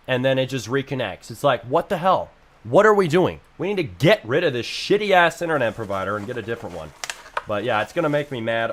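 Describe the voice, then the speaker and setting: A man's voice: medium pitch, fairly bright tone. A young man live-streaming, ranting about his internet in a frustrated, casual way and swearing freely.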